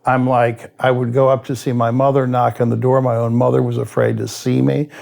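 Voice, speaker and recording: A man's voice: mid-range voice, little pitch movement, fairly quick, creaky, a little mellow. A man, a guest in an interview who tells his story candidly, bluntly and with a lot of swearing, and sometimes laughs at himself. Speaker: addiction expert guest.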